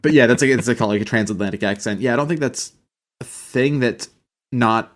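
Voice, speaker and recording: A man's voice: medium pitch, brisk. A man co-hosting a podcast, chatting casually about a sitcom, swearing freely and laughing often. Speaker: podcast co-host. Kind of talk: casual chat recapping a sitcom.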